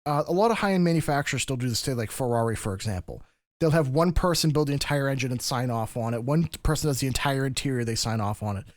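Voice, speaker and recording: A man's voice: mid-range voice, lively intonation, fast talker, no room sound, studio quality. A man hosting a podcast, explaining history in a casual, lecturing way with frequent restarts. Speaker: podcast host.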